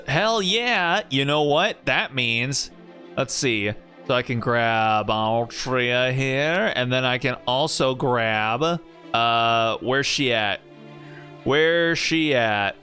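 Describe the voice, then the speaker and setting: A relaxed man streams a game, speaking slowly and muttering to himself. His voice sounds bright, with soft music behind. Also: medium pitch. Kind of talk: casual gameplay commentary.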